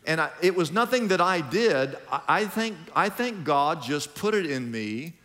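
A man's voice: on the high side, sing-song, moderate pace, pushed and bright. A middle-aged man preaching a sermon as pastor, drawing lines out and leading the congregation in call-and-response. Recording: long hall reverb.

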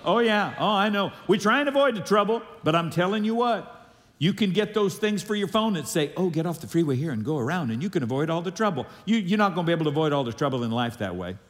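A man's voice: on the high side, very animated, fast. A male pastor preaching a sermon with emphatic delivery, calling on the congregation to repeat lines after him. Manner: emphatic preaching with audience call-and-response. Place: church sanctuary. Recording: long hall reverb.

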